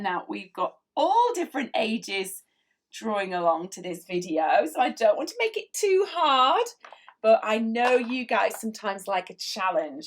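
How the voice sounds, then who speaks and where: A woman leading a children's draw-along lesson, encouraging and playful, with little voiced sound effects. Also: mid-range voice. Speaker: children's drawing tutor.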